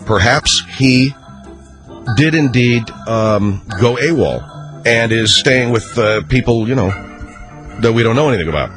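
A man's voice: medium pitch, animated, measured pace, over music. A man hosting a radio talk show, riffing sarcastically through a comedic monologue. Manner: sarcastic, riffing, acts out skits.

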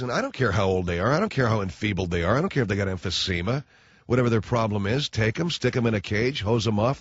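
A man's voice: fairly low pitch, no echo. A man hosting a talk radio show, delivering a brash, blunt and sarcastic monologue into a studio microphone. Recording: dull lo-fi radio broadcast.

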